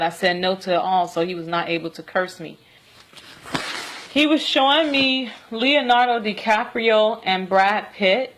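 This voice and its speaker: A woman telling a personal story in a vlog, earnest and rambling, often pausing to check in with "okay?". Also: medium pitch, a bit bright. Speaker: vlogger.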